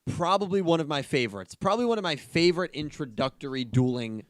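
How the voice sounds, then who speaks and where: A man's voice: on the high side, animated, fast, dry recording, clean studio sound. A man hosting a casual podcast, thanking donors and rambling enthusiastically with frequent ums. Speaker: podcast host reading donations.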